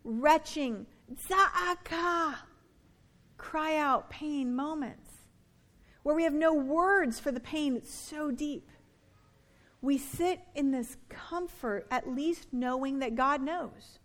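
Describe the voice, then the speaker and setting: This is a sermon from a middle-aged female pastor who speaks earnestly. She slows down for emphasis, and on key words her voice drops low and soft.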